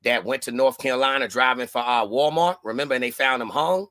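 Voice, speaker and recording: A man's voice: mid-range voice, fast, pushed and bright, no room sound, clean studio sound. A middle-aged man hosting a podcast in laid-back slangy chat, often repeating words as he goes. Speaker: podcast host. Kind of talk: casual chat.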